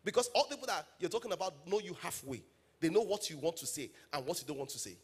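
Speaking fast and animated in a slightly rough, somewhat high voice, a man with a Nigerian English accent preaches as a pastor. He tells stories and builds toward emphatic calls to the congregation.

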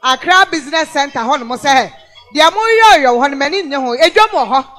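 A male host from Ghana giving animated news commentary, emphatic and repetitive, often rising to shouts for stress. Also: very high voice, brisk. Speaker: radio-TV news review host.

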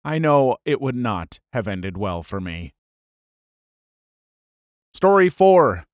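A man reading first-person stories aloud in a tense, expressive way. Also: mid-range voice, slow, no echo, clean studio sound. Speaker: story narrator.

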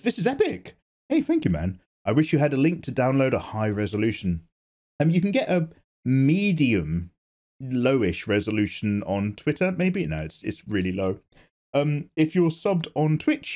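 A man's voice: medium pitch, warm tone. A man hosting his own art channel, reading viewer comments in casual chat while drawing, playful and self-mocking. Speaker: artist and channel host.

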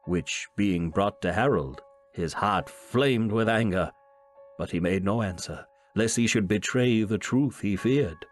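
A man narrating an old tale in a measured, dramatic way. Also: lowish voice, soft background music.

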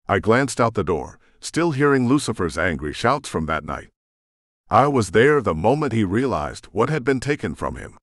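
Male audiobook narrator, deep and expressive, dark brooding read, dry close mic. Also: moderate pace, no room sound. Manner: dramatic, brooding. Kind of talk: first-person audiobook narration.

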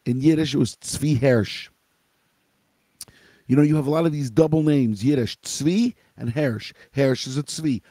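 A man's voice: medium pitch, unhurried, dark tone, dry recording. A middle-aged man hosting a live show, telling a family story in a conversational way and asking his listeners questions. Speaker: host.

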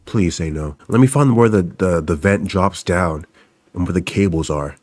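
A man's voice: sits low, normal speed, a little mellow, slight background noise. A young man giving let's play commentary on a horror game, jumpy and swearing, repeating his phrases over and over as he panics and jokes. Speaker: gaming YouTuber.

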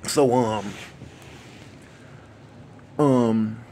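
A man's voice: mid-range voice, extremely slow, creaky, mellow, a little hiss or hum. A man, telling a street story in a rambling, conversational way full of asides. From Los Angeles. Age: 50s.

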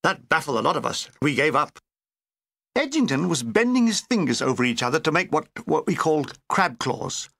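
Brief: older male author-narrator, bright lively voice, dry comic timing, close dry recording. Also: on the high side, moderate pace, vocal fry, no echo. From Britain. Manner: comic, dry, animated delivery. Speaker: author reading his own memoir. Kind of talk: audiobook narration with character voices.

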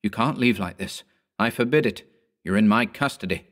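A man voicing a sinister man who speaks in a polite, measured, condescending way. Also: fairly low pitch, fairly bright tone, close to an everyday voice.

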